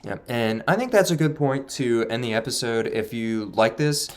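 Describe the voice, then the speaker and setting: A man casually commentating his own playthrough of a video game, relaxed and somewhat monotone. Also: mid-range voice, moderate pace. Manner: relaxed, laid-back, self-described monotone. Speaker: gaming channel host. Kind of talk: casual let's-play commentary. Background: faint game music.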